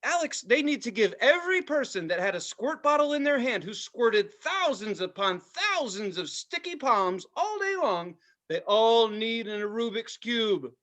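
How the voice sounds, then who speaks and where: A man co-hosting a podcast in casual chat, telling profane, animated stories and mimicking voices. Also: extremely high pitch, normal speed, hardly any pauses. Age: adult with a child. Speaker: podcast co-host.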